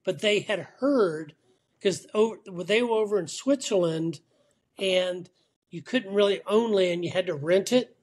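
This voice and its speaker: High-pitched male guest on a remote call, chatty storyteller, restarts often. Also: unhurried, slightly rough. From Atlanta, Georgia. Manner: talkative, storytelling with repeated restarts. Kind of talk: casual interview chat.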